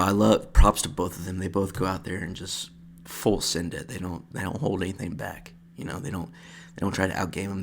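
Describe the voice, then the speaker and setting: Deep gravelly guy breaking down a match. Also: slight background noise. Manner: rambling, filler-heavy, says "freaking" a lot. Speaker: channel host. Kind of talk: casual match breakdown commentary.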